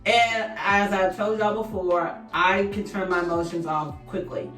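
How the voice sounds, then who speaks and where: A young woman tells a story to her viewers while she does her makeup, in a chatty, animated way. She sounds a little distant from the mic in an echoey room, with faint music playing behind her. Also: mid-range voice, a little slow. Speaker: beauty vlogger. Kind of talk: casual storytime chat while doing makeup. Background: faint background music.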